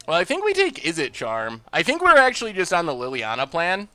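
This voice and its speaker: A man hosting a live game stream, thinking out loud about his plays and bursting into loud cheers when things go his way. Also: a little high, wildly swooping pitch, fairly quick, no room sound, soft background music. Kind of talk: live gameplay commentary.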